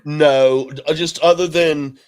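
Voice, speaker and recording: A blunt man co-hosting a podcast, speaking a touch higher than most men. He chats casually but with an edge, swearing, saying "dude" and circling back over his points. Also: steady tone, a little slow, a little mellow, clear, resonant tone. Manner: blunt, swears, says "dude", repeats himself. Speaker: podcast co-host. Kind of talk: casual chat.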